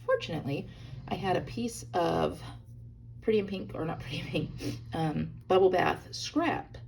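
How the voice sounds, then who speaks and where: Woman, craft-tutorial host, gravelly and animated, friendly direct address, faint hiss behind. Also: on the low side, moderate pace. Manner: chatty, bubbly, talks straight to viewers. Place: hotel room.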